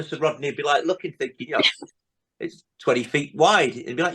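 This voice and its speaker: A man's voice: mid-range voice, expressive, brisk, fairly bright tone, husky. A man hosting a podcast, chatting casually and retelling comedy scenes with many tag questions. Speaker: podcast host. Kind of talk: casual chat.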